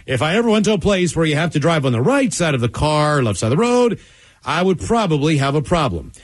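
Man, comedy radio host, reads listener mail, lively pitch, slightly high. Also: brisk, no room sound, clean studio sound. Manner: laughs often, mimics listeners' voices. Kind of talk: reading listener emails on air.

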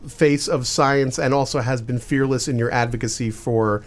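A man hosting a podcast interview, asking eager, halting questions with many fillers. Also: medium pitch, fairly even intonation. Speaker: podcast host. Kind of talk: conversational interview.

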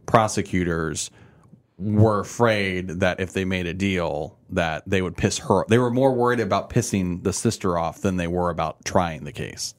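Male podcast co-host, lowish voice, animated and rambling. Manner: animated, acts out quoted voices, fast rambling. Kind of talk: casual podcast chat. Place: podcast room.

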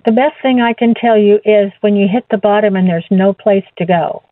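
A woman recounts her faith testimony as a guest, speaking earnestly and halting to repeat words. Her voice comes through a thin, phone-like line. The sound is close and dry. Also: mid-range voice, no room sound.

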